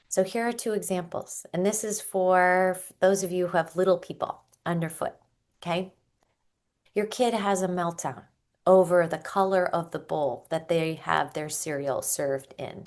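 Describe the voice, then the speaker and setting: A woman parenting coach talking in a gentle, reflective way, now and then acting out how a parent might sound. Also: lowish voice. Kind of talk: solo podcast talk.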